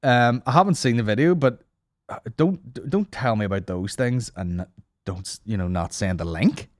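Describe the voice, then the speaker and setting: A man's voice: medium pitch, lively intonation, normal speed, a little mellow, no room sound, studio quality. A man hosting a comedy podcast, rambling and swearing as he jokes. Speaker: podcast host. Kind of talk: casual comedy banter.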